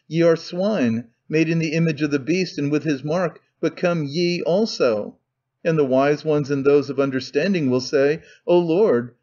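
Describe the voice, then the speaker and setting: A man's voice: a little high, darkish tone, natural voice. A man voicing a drunken middle-aged clerk who pleads and preaches in fervent, despairing confession, on a dull lo-fi audiobook recording.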